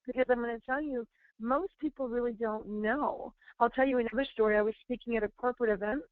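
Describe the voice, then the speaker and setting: A fairly high-voiced woman in her thirties tells stories in a chatty webinar talk, with lots of fillers and restarts. The sound is tinny, like a phone line, and very dry. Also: fast, dry recording. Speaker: wellness trainer.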